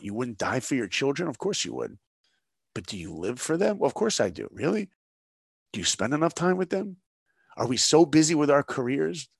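A man telling personal stories in an interview, animated and emphatic. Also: medium pitch, vocal fry, husky, dry recording, clean studio sound. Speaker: guest storyteller. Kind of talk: storytelling interview.

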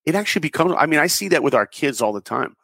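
A man in his forties, an interview guest who tells animated stories and acts out the dialogue in them. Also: fairly high pitch, fast, gravelly, slightly rough, dry recording. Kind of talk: conversational storytelling.

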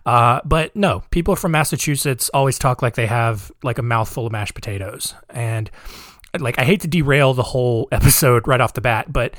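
A man's voice: mid-range voice, moderate pace, fairly bright tone, no echo, studio quality. A man hosting a podcast, talking in a casual, sarcastic, rambling way with joking asides. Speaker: podcast host.

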